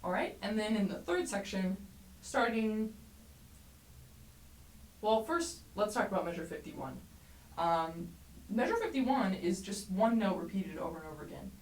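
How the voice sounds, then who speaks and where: A woman teaching a trumpet lesson, explaining clearly and encouragingly, sometimes singing rhythms aloud. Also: mid-range voice, very animated, normal speed. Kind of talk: music lesson tutorial. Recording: roomy echo, mic at a distance, faint background noise.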